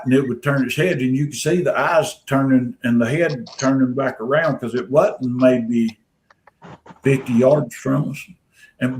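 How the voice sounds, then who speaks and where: A man's voice: medium pitch, slight background noise, poor audio. Folksy Southern man telling a long story. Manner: rambling, folksy, full of restarts and "um"s. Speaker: podcast guest telling an encounter story. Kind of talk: casual storytelling.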